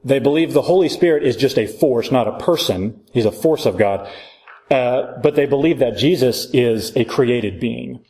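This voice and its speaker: A man's voice: mid-range voice, normal speed, darkish tone. A man teaching a church Bible class in a casual, joking way, asking his listeners questions as he goes. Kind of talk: conversational Bible class lecture.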